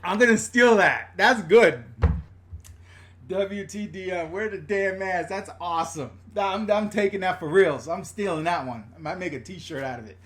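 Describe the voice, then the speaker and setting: A man's voice: sits high, normal speed, few pauses. A middle-aged man from the New York and New Jersey area, hosting a casual live-stream rant from a room in his home, blunt and chatty, swearing freely and reading viewer comments aloud.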